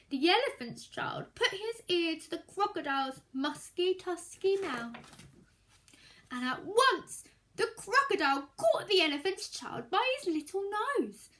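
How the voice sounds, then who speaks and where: Rich: A woman reading a children's story aloud with expressive delivery, pausing to explain words for young listeners. Her voice sits very high and moves in a lively way at an unhurried pace. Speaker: storytime reader.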